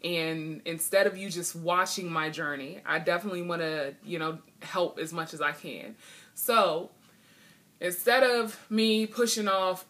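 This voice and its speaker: A video blogger with a fairly low, slightly bright voice speaks a little slowly in a steady tone. Her heartfelt vlog is earnest and frank, and she sounds a little emotional and frustrated.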